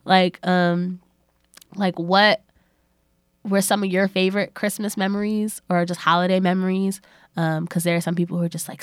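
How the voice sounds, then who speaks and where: Animated young woman, casual chat. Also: lowish voice, moderate pace, clear, resonant tone, dry recording, clean studio sound. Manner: animated, swears, laughs often. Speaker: podcast co-host.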